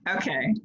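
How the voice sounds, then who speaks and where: Extremely high-pitched, bright and forceful, this woman leads an online class over video call, reading clues playfully, encouraging her students and laughing often. Dull lo-fi call audio carries slight background noise.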